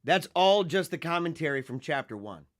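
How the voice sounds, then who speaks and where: A man hosting a casual livestream, reading viewer comments and chatting in an animated, laughing way. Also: fairly high pitch, no echo, clean studio sound. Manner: animated, laughing, drawn-out slang. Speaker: livestream host.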